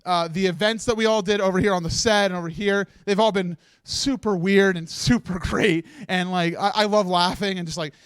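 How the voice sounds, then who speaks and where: On the stage set of a charity marathon livestream, the organizer gives a tearful closing thank-you in a high, smooth, slightly bright voice with fairly even intonation. He halts, restarts sentences, and laughs through his tears, all captured dry and close with no echo.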